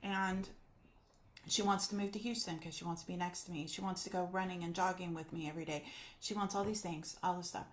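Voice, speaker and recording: Woman, life coach, lowish voice, animated storytelling, faint background hum. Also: brisk. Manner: animated retelling, acts out quoted voices. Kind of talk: personal storytelling talk.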